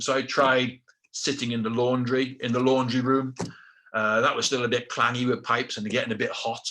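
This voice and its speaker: A man's voice: mid-range voice, steady tone, brisk, pushed and bright. A middle-aged man with a British accent telling his own story casually, acting out quotes with self-deprecating asides. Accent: British English.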